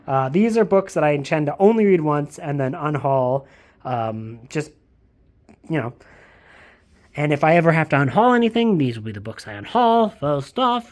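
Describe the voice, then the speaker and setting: Walking from room to room at home, a book vlogger shows off their shelves in a loose, rambling tour full of jokes, casual swearing, and goofy voices. The pitch is medium, and the sound has no echo.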